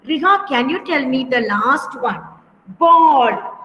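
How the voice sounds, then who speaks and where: A woman teacher leading an online class for young children, speaking slowly and patiently, repeating words and calling pupils by name over a computer mic. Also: sits high, animated, dull audio. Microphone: computer mic on a video call. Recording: echoey room with long reverb.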